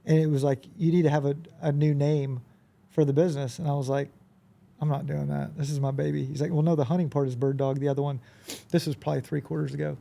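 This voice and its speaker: A man who is a podcast guest, telling animated anecdotes in a casual conversation and often acting out quoted dialogue. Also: fairly high pitch, fast talker, creaky. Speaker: podcast guest, business owner.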